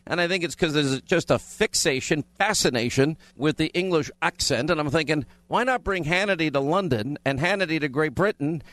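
A man's voice: a little high, expressive, a little fast, hardly any pauses, a bit bright, no room sound. A man hosting a talk radio show, delivering sarcastic, mocking commentary in short bursts.

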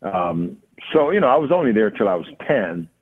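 A man with a Jamaican accent, a guest in a casual interview, telling stories in a relaxed way with many fillers. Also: fairly low pitch, moderate pace, slightly rough. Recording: phone-line audio.

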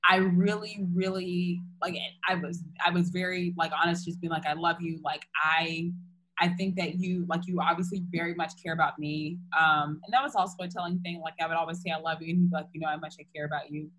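A woman's voice: lowish voice, little pitch movement, fairly quick, fairly bright tone, low-quality recording. A young woman candidly retelling a personal story in casual chat, full of fillers and restarts.

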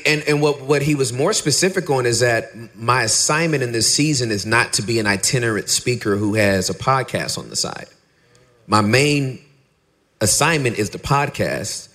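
A middle-aged man, a pastor and podcaster, talking candidly in an interview and acting out his stories with lively dialogue. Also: moderate pace. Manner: animated storyteller, acts out dialogue in a high voice.

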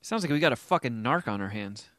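A man's voice: mid-range voice, animated, quick pace, fairly bright tone, no room sound, clean studio sound. A man hosting a comedy podcast, reading out voicemails with crude, joking banter. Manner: crude, joking, laughs easily. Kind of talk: casual comedy podcast chat.

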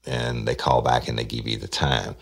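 A man's voice: very deep voice, steady tone, moderate pace, gravelly. A man, a former detective telling his cases in a blunt, profane, plain-spoken way. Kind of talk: casual spoken storytelling.

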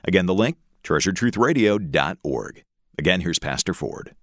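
A man with a low voice hosts a Bible teaching radio program. He speaks in a smooth, steady announcer delivery. The recording is close and dry. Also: moderate pace, no echo.

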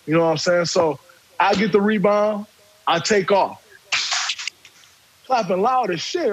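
A man, telling a story in casual talk, animated and profane, acting out quotes. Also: high voice, moderate pace, slightly rough, poor audio.

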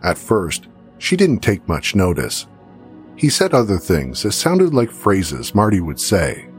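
A man giving scripted true-crime narration in a measured way. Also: low voice, wildly swooping pitch, soft background music.

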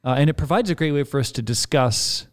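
A man's voice: on the high side, fast talker. A man co-hosting a casual Christian podcast, chatting easily and reading listener feedback aloud. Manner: relaxed, reads listener comments aloud. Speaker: podcast co-host.

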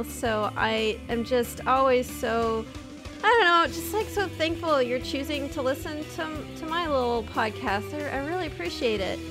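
A high-pitched woman signs off her podcast in a loose, giggly, self-mocking way. Music plays clearly underneath her voice. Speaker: podcast host. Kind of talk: casual podcast outro.

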